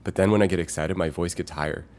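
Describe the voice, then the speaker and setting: Speaking fast with fairly even intonation, a very low-voiced man chats casually on a live stream. He muses and rambles through filler words, reading viewer messages out loud, while faint noise sits under his voice.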